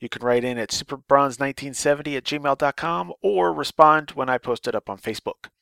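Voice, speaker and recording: Gravelly-voiced man hosting a podcast. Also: mid-range voice, fairly quick, a bit bright, no echo. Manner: rambling, chatty, with fillers and restarts. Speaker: podcast host. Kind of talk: casual podcast chat reading listener mail.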